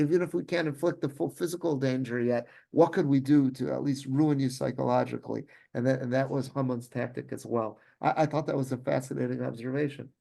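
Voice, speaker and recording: A man, a rabbi, teaching a Torah class in an animated, conversational way, often restarting sentences and mixing in Hebrew terms. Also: a little high, creaky.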